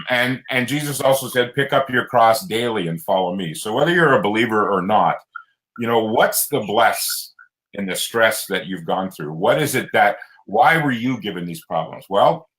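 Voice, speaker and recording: Middle-aged guy, lowish voice, earnest guest telling his story, pitch shoots up on the big points. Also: poor audio. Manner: earnest, animated, pitch jumps high for emphasis. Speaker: guest, coach and speaker. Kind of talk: candid personal storytelling.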